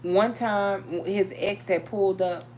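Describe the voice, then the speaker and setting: A middle-aged woman hosting a live chat, telling stories in a lively, animated way and talking straight to her viewers. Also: mid-range voice, slow, a little hiss or hum. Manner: animated, storytelling, talks to viewers. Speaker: livestream host reading tarot.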